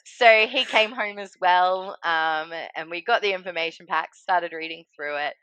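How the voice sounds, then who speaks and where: A woman's voice: on the low side, normal speed, sharp tone, a little hiss or hum. A woman telling her own story as a guest in a casual interview, chatty and laughing often, acting out what people said.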